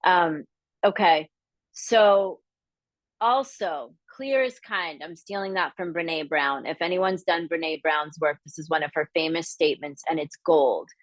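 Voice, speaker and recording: A middle-aged woman from the area, teaching a live masterclass in a candid, lively way, acting out the voices she quotes. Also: deep voice, unhurried, no echo. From Boston area, Massachusetts. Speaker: business coach.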